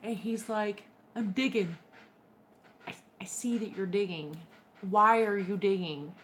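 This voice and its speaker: A woman's voice: medium pitch, unhurried, a bit bright, slight background noise. A young woman with a Texan accent, chatting casually to her viewers and telling wry stories. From Texas. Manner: chatty, storytelling, wry and drawling. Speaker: vlogger. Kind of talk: casual chat to camera.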